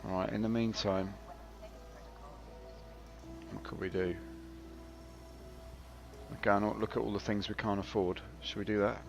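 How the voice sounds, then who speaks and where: A male game streamer with a fairly low, level voice talks a little slowly, using vocal fry and long pauses. His live commentary is casual, chatty, wry, and self-mocking, heard over slightly dull audio with faint game music.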